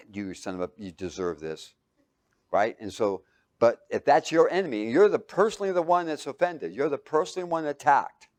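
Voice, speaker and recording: A man teaching a bible lesson to a live group, quizzing them with fill-in-the-blank questions and swinging between loud and hushed. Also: medium pitch. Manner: asks the audience fill-in questions. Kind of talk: sermon.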